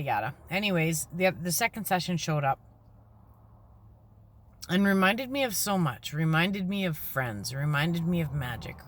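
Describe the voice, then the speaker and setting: A woman giving a rambling, earnest spiritual talk while parked in her car beside a busy highway. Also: a bit bright. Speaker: spiritual vlogger. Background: traffic noise.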